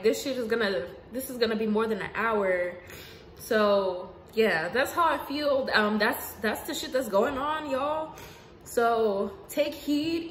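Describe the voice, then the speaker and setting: Woman vlogger going off the cuff about spirit stuff, kinda high voice, cusses a lot, loud then soft, roomy echo, faint hiss. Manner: casual, profane, emphatic, swings between loud and hushed. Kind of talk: unscripted spiritual monologue.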